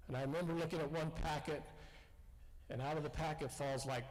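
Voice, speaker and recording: A man's voice: on the high side, fairly even intonation, fairly quick. A man, a veteran, telling self-deprecating, folksy stories at an assembly. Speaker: veteran speaker. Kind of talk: storytelling speech. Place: school assembly hall. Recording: long hall reverb.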